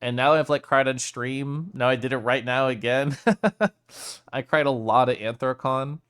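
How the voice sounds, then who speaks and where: Male streamer, smooth clear voice, teary and emotional, laughs a lot while chatting at his desk mic. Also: medium pitch, fairly even intonation, a little slow, fairly bright tone. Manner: emotional, laughs often between sentences. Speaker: streamer reading chat. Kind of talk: casual stream chat.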